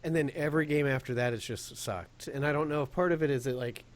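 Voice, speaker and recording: A man's voice: mid-range voice, fast talker. A man co-hosting a podcast, chatting casually and jokingly about video games with nostalgic asides. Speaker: podcast co-host. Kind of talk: casual gaming chat.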